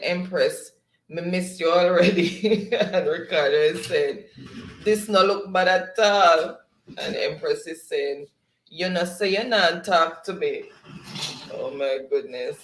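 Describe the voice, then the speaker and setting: A woman's voice: sits low, echoey room, a little hiss or hum, low-quality recording. A Jamaican woman hosting a livestream, chattily reading out viewer comments and laughing often. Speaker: livestream host. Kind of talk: reading viewer chat aloud.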